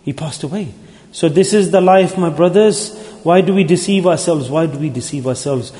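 A man's voice: fairly high pitch, normal speed, mellow. A man preaching a sermon as a religious teacher at a mosque gathering, in an earnest, pleading, repetitive way. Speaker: Sufi religious teacher leading dhikr gatherings. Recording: roomy hall with long echo.

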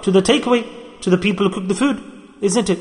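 A man preaching a sermon, animated and lively, acting out the people he quotes and mixing religious terms into his talk. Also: sits high, fast talker, in a large hall. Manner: animated, acts out quoted people, mixes Arabic and Urdu terms.

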